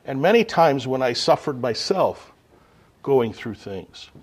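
Man preaching, loud then hushed. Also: mid-range voice, big pitch swings, slightly rough. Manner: unhurried, with sudden swings between loud emphasis and quiet asides. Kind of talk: sermon.

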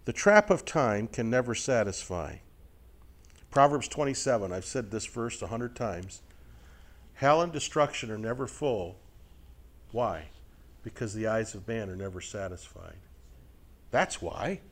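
A middle-aged Bible teacher with a lowish voice speaks unhurriedly, delivering a conversational sermon to a live group. He's folksy and lively, joking with listeners and constantly checking in with rhetorical questions and tag questions.

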